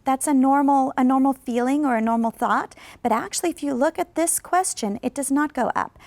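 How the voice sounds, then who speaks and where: A high-pitched woman, an ESL teacher, gives a scripted English lesson in a studio with a dry recording. She encourages viewers to answer, coaxing replies, and models sentences slowly and carefully drawn-out so they can repeat them.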